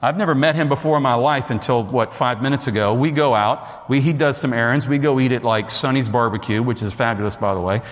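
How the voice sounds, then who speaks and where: A man's voice: medium pitch, a little fast, hardly any pauses. Chatty man telling a story in a hall. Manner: chatty, addresses the listeners directly, acts out quotes. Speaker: speaker telling a personal story. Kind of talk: storytelling talk to an audience. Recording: long hall reverb.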